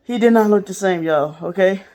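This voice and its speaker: A woman's voice: mid-range voice, moderate pace, a little mellow. A woman hosting a podcast, telling a personal story in a candid, profane, casual way and speaking straight to her listeners. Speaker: podcast host.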